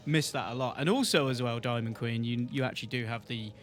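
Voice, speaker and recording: A man's voice: medium pitch, fast talker, soft background music. A man co-hosting a live stream in friendly casual chat, laughing often and reacting to viewers. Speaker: co-host of a live-streamed tavern show.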